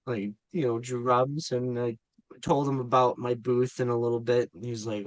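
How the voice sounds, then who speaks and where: A man's voice: mid-range voice, moderate pace, no room sound, poor audio. A man who acts in indie films, eagerly telling an anecdote with stammers and repeats. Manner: animated storyteller, stammers and repeats with excitement. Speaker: guest filmmaker and actor.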